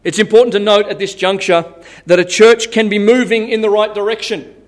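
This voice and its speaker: A man preaching a sermon as pastor, telling Bible stories in a lively way and laughing at his own tales. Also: high-pitched, fairly quick.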